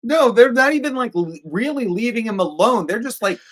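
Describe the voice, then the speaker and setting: A man's voice: extremely high pitch, a little fast. A man co-hosting a casual movie review, joking and acting out characters in silly voices. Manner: animated, jokey, acts out characters in silly voices. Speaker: co-host of a movie review show.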